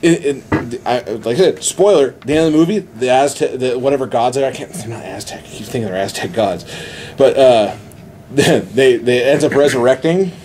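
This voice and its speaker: A man in casual podcast chat, retelling a movie plot excitedly with many restarts. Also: medium pitch, normal speed, a little hiss or hum. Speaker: podcast host.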